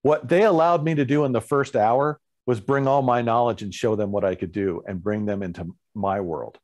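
A man who is a guest musician, telling an animated story in a casual interview and acting out other people's lines. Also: mid-range voice, moderate pace.

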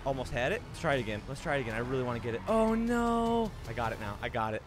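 A young man giving casual gameplay commentary as a streamer. He talks to himself, gets excited fast and yells out in bursts. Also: mid-range voice. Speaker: gaming streamer. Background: background music.

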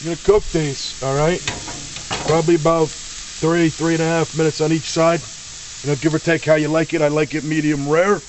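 A man's voice: fairly high pitch, level tone, moderate pace, slight background noise. Brash joking cooking show guy. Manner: joking, brash, talks to crew. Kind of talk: casual cooking demonstration. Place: kitchen with grill.

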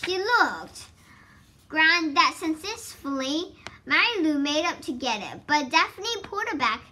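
High bright woman reading a story haltingly. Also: animated. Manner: halting, stumbles and misreads words. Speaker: reader.

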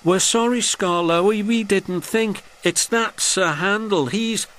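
A man's voice: high voice, slow pace, fairly bright tone, pitched above the performer's own voice. A man voicing a group of cross female coaches who squeal and quaver. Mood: pleading. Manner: screaming, then meek and quavering.

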